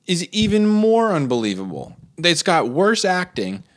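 A man's voice: high-pitched, sing-song, measured pace. A young man in a casual, comedic rant, rambling with lots of fillers and repeats.

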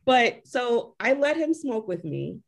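A woman co-hosting a casual chat, telling a story in an animated way full of "like" and acted-out quotes. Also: a little high, slow, gravelly. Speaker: podcast co-host.

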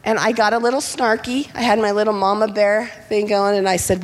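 A middle-aged woman telling personal stories to an audience, lively and candid. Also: mid-range voice, brisk, in a large hall, background noise. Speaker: speaker. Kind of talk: personal storytelling talk.

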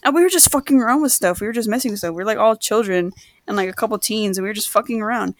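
A woman's voice: mid-range voice, racing, no room sound. A young woman casually telling a story to friends, swearing often and joking. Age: young adult. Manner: profane, joking, animated storytelling. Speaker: storyteller in a group chat.

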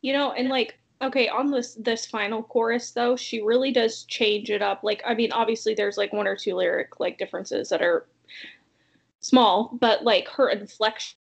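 A woman's voice: on the high side, steady tone, moderate pace, creaky. A woman in a casual group chat, talking with enthusiasm and many fillers.

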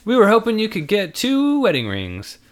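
A man's voice: high voice, wildly swooping pitch, moderate pace, pitched above the performer's own voice. A man voicing a persistent young man who keeps pleading and pressing. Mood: coaxing. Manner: pleading, insistent. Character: young man, persistent, odd sudden charm.

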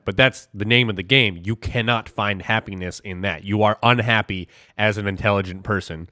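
Podcast co-host, young man, lowish voice, teasing, argumentative, dry close sound. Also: fairly even intonation, moderate pace, hardly any pauses, sharp tone, no echo. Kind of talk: casual debate banter.

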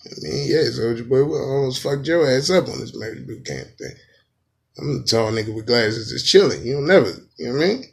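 Animated, profane man telling a funny story. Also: medium pitch, brisk, gravelly. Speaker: podcast host. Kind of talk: comedic storytelling.

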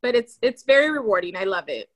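A woman's voice: medium pitch, big pitch swings, quick pace. A young woman, a guest on a podcast, telling stories in casual chat and laughing often.

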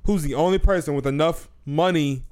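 A man's voice: a little high, brisk, darkish tone, clear, resonant tone. A man in casual group chat, earnestly explaining his point with restarts.

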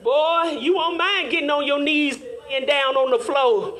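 A woman teaching Sunday school in a fervent, call-and-response preaching manner, rising at times to shouts. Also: high-pitched, measured pace, a crowd in the background.

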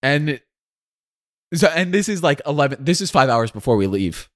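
A man's voice: on the high side, sing-song, moderate pace, no room sound, clean studio sound. A young man co-hosting a casual podcast, telling a long family story and acting out the other people's lines as he goes. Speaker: co-host.

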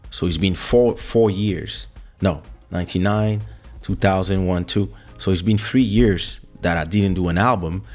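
A man hosting a podcast, telling a personal story in an animated way, with many restarts and acted quotes. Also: deep voice. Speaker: podcast host. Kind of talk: storytelling monologue.

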